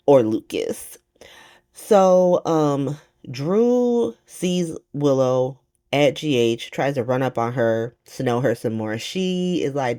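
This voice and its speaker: A soap opera recap host talking casually, animated and slangy with plenty of swearing, acting out the characters' lines in quick bursts. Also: mid-range voice.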